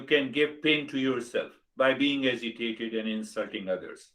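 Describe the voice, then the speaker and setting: An older man with an Indian English accent leads a spiritual lesson. He presses his points with repeated rhetorical questions at a medium pitch. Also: moderate pace, fairly bright tone, poor audio. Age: 60s. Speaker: spiritual teacher. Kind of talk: spiritual talk.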